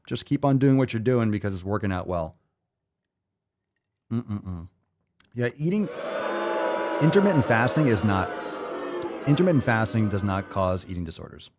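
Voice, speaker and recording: A man's voice: mid-range voice, darkish tone. A man hosting a podcast, ranting with blunt, profane, sarcastic commentary and mocking asides. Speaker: podcast host.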